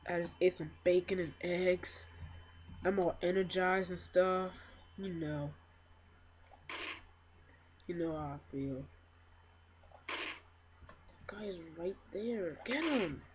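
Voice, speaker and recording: A woman giving casual let's-play commentary on her own game, excitable and trash-talking. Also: lowish voice. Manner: excitable, trash-talking, quick to get frustrated. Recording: loud noise and mouse clicks behind.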